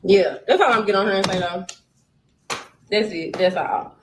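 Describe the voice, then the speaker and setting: A woman's voice: medium pitch, normal speed, reverberant, noisy background. A woman talking bluntly on a casual livestream, heated and cursing. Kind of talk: casual livestream and phone talk.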